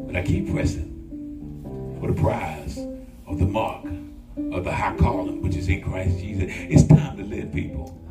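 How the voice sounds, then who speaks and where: Here an older man preaches as pastor with a deep voice, a measured pace, and vocal fry. The sermon is colloquial and emphatic and includes call-and-response lines with the congregation, recorded in an echoey room over loud guitar music.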